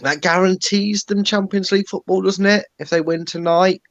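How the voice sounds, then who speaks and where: A man's voice: sits high, fairly even intonation, moderate pace, fairly bright tone, no room sound. A man co-hosting a football fan channel, opinionated and sardonic in casual chat. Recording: dry, dull lo-fi mic.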